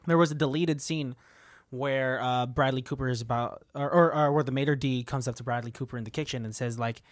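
A man on a casual podcast, retelling a movie scene in a low, hushed voice. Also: fairly even intonation, fairly quick, no echo, studio quality.

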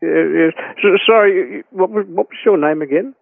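A man's voice: sits high, brisk, gravelly, no room sound. A man playing a male supervisor on a prank call, stammering and repeating the same line. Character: male supervisor stuck on a looped recording. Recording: tinny phone line.

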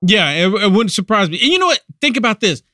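Man, podcast host, indignant emphatic commentary, high voice, dry close sound. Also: big pitch swings, fast, pushed and bright, no echo.

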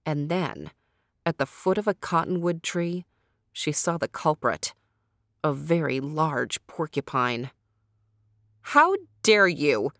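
A woman hosting and narrating a children's story in a slow, deliberate storytelling manner. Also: low-pitched, fairly even intonation, fairly bright tone, no echo, clean studio sound. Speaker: storyteller host.

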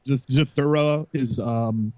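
Male podcast guest, halting delivery, dry, muffled lo-fi mic. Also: mid-range voice, a little mellow, no echo. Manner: hesitant, halting with many fillers. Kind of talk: casual podcast chat.

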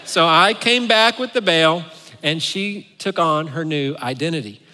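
A man preaching a sermon as pastor, a playful, animated storyteller speaking to his congregation in a church. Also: on the high side, measured pace, big-room sound.

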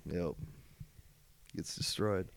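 A man's voice: low voice, slow pace, creaky, dry recording. A man chatting crudely with friends, laughing often and swearing freely as he jokes around. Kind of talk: crude casual banter.

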